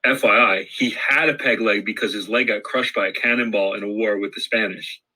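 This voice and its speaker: A man co-teaching a history lesson breaks in with emphatic explanations. His voice is forceful and bright, with a husky edge. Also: lowish voice, fairly even intonation, brisk, rough recording. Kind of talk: classroom lesson screencast.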